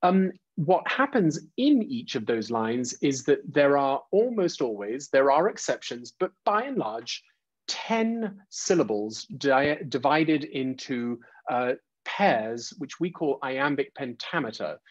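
Male webinar presenter, husky voice, lots of fillers, dry lo-fi call audio. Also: mid-range voice, sing-song, takes it slowly, dry recording. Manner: frequent "uh" and "um", restarts; taps out rhythms aloud. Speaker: presenter leading a teacher training webinar. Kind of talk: informal online lecture.

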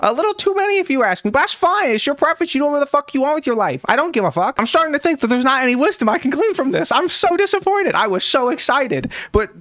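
A woman's voice: high-pitched, very animated, racing, hardly any pauses, a bit bright, no echo, studio quality. A woman in her twenties giving a profane, mocking reaction commentary, ranting and swearing heavily. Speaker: commentary vlogger.

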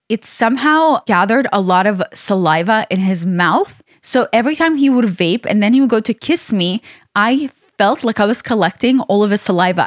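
A young adult woman hosting a podcast, telling a personal story in an animated, laughing, expressive way. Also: fairly high pitch, no echo, clean studio sound. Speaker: podcast host. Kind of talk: casual storytelling chat.

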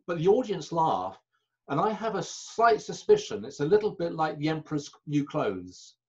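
Brief: male guest spinning anecdotes, a little high-pitched, halting delivery, muffled call sound. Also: very animated. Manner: chatty raconteur, halting and self-correcting. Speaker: magician guest. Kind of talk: anecdotal interview chat.

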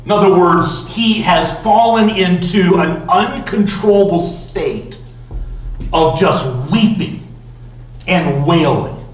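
A male pastor preaching a sermon slowly and emphatically, with dramatic pauses. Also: high voice, slight background noise. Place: church sanctuary. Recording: roomy church echo from far off.

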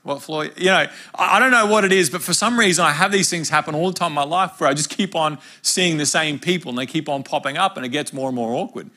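An Australian pastor in his younger years preaches with a bright, forceful voice. He tells stories casually and with humour, then presses his point home. The voice sits a little high for a man. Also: fast, few pauses. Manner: conversational, humorous storytelling preaching. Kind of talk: sermon.

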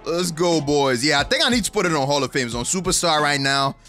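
A young man giving excited commentary on his own basketball video game play, hyped and laughing at the plays, with game music behind him. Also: on the high side, quick pace. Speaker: gaming YouTuber.

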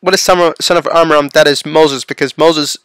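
Man, lecturer reading and explaining a text, smooth resonant voice, fairly high, dry close sound. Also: fairly even intonation, fairly quick, fairly bright tone, no room sound. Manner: reads passages aloud, then adds plain explanatory asides; checks in with the listener using "right?" and "okay?". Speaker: religious lecturer.

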